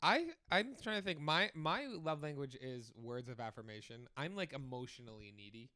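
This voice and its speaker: Lively, bright-voiced male podcast co-host. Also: medium pitch, moderate pace, no echo, clean studio sound. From New Jersey. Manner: animated, laughing storyteller. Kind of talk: casual chat.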